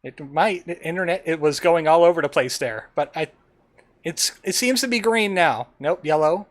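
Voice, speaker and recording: A male streamer chats casually while playing a game, rambling to himself and his viewers. His voice sits on the high side, expressive and at a moderate pace.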